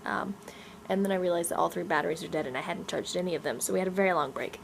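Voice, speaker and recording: A woman's voice: fairly low pitch, racing, gravelly, slight background noise. A woman in her twenties, a novelist, ranting casually to camera at home in a sarcastic, rambling way with frequent chuckles. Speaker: novelist and vlogger. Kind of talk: casual rant vlog. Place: room at home, growing dark. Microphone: camera mic.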